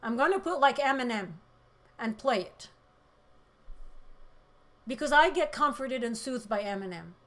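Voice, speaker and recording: Impassioned high-voiced woman livestreaming. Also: animated, measured pace, pauses often. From Middle East. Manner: impassioned, shifts between loud outbursts and quiet emotion. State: emotional, close to tears. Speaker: livestream host reading chat comments. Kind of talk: emotional political livestream talk.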